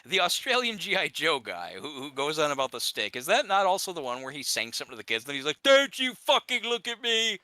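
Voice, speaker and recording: A man's voice: fairly high pitch, very animated, fast talker, hardly any pauses, sharp tone, no room sound, low-quality recording. A young man chatting casually with a friend while gaming, rambling, stumbling over his words and laughing often.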